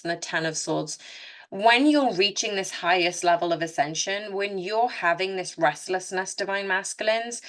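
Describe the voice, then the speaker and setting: Offering an informal spoken tarot reading, a woman talks earnestly and directly to her audience, stumbling into frequent restarts and self-corrections. Her voice is on the low side and a bit bright.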